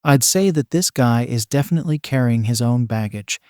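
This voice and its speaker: A man's voice: medium pitch, moderate pace, a little mellow, clear, resonant tone, dry recording, studio quality, close to an everyday voice. A man voicing a nervous, awkward young woman who mutters her rambling thoughts in a hesitant way, in a storybook reading. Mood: musing.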